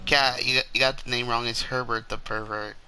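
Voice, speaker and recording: A man's voice: medium pitch, level tone, normal speed, crowd noise, rough recording. A man chatting casually with a streamer friend, laid-back and correcting him. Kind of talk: casual gaming chat.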